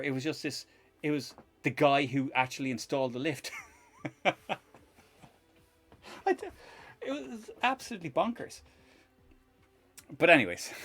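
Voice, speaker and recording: A man's voice: medium pitch, fairly bright tone. A man hosting a live stream in casual chat while he tinkers, rambling, laughing often and swearing casually.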